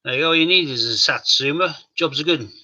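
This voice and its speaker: A man with a sharp, rather high voice talks quickly on his home live stream. He's chatty and jokey, bantering with live chat viewers and his dog, over dull, lo-fi stream audio.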